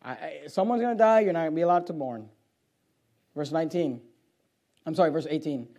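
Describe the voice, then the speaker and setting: A male preacher with a notably high-pitched voice delivers an evening sermon. He reads scripture in old-fashioned phrasing, drops to low, hushed stretches, then climbs into loud, fervent exhortation. He often repeats words as he works through a thought. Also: brisk. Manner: repeats words while thinking aloud.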